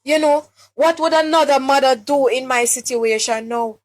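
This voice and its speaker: Jamaican woman on a live stream, kinda high voice, upset and pleading, keeps stopping and repeating words. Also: level tone. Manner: distressed, halting, many restarts and repeated words. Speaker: mother making a public appeal. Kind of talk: live-stream personal appeal.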